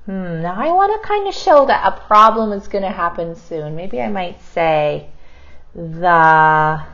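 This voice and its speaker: A woman teacher modeling kindergarten writing, thinking aloud and slowly sounding out each word as she writes. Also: medium pitch, animated, a bit bright, dull audio. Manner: slow, sounds words out while writing.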